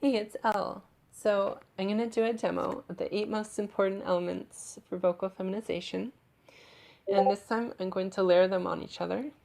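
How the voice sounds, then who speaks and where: A woman voice coach giving a clear, technical demonstration of vocal technique in a played-back clip. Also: medium pitch, steady tone, moderate pace, a little mellow. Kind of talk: instructional voice demo.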